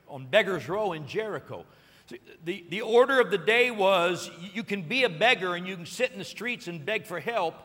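Bright-voiced preacher in a reverberant hall. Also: male voice, high-pitched. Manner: animated storytelling, acting out voices and building to shouted peaks. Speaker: pastor. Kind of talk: sermon.

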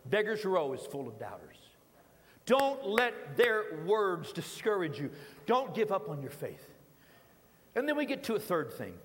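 A man preaching a sermon in a church, dramatic with repeated phrases and sudden hushed drops. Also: high-pitched, huge pitch swings, unhurried, in a large hall. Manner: dramatic, rhythmic repetition, sudden drops to quiet. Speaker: pastor. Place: church sanctuary.

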